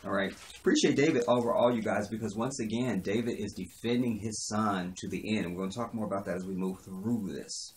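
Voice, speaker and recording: A man's voice: on the low side, a little fast, hardly any pauses, darkish tone, slight background noise. A man casually recapping a TV episode, sarcastic and rambling, repeating his lines for comic effect and swearing now and then. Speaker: TV show reviewer.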